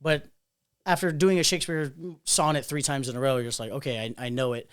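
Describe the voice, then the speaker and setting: A man's voice: mid-range voice, fast, clean tone. A young man hosting a casual bar chat podcast, rambling and chatty with lots of fillers. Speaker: podcast host.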